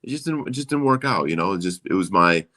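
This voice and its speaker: A man's voice: low voice, animated, fast talker, sharp tone. A man in his forties, a guest in a casual interview, talking in a rambling way with lots of fillers and frequent swearing.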